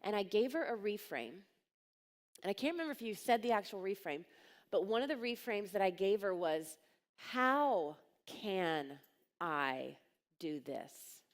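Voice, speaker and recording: A woman's voice: medium pitch, animated, brisk, a little mellow. Blunt woman speaking in a reverberant hall. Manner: blunt, direct storytelling, acting out quoted voices. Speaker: coaching business speaker. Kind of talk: live conference talk. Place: large conference hall.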